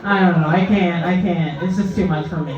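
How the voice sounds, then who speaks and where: A woman's voice: lowish voice, a little fast, heavy background noise. A woman doing a stand-up comedy set, brash, crude and self-mocking. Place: comedy club stage. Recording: echoey club from far off, dull, crowd.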